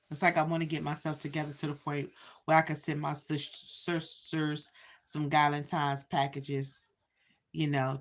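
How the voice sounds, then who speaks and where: A woman in her fifties chatting casually to viewers on a livestream, talking straight to them with lots of "you know"s. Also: sits low. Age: 50s. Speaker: livestream host.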